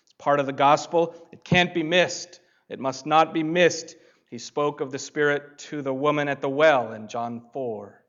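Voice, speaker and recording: Emphatic male preacher, lo-fi sound. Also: mid-range voice. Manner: emphatic, rising loud on key phrases. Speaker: pastor. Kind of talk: sermon. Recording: dull lo-fi sound.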